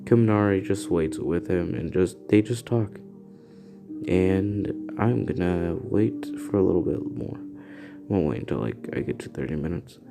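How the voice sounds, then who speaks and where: A man casually narrating an improvised fan story, halting and restarting often. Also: deep voice, lively intonation, creaky, over music.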